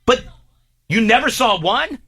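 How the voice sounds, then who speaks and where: Animated bright-voiced male radio host. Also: extremely high pitch, measured pace, breathy edge, dry recording, studio quality. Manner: animated, excitable, jokey. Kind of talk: morning radio banter. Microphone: studio microphone.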